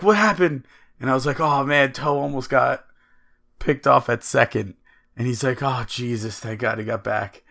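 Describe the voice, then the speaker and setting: A man co-hosting a sports podcast, telling stories in an excitable, animated way. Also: mid-range voice. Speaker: podcast co-host. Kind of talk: casual sports chat.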